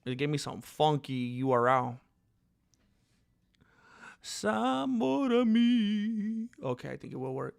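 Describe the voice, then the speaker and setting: A man's voice: on the high side, big pitch swings, slow, vocal fry, long pauses, clear, resonant tone, no room sound, clean studio sound. A man hosting a casual livestream, rambling conversationally and answering his chat. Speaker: livestream host.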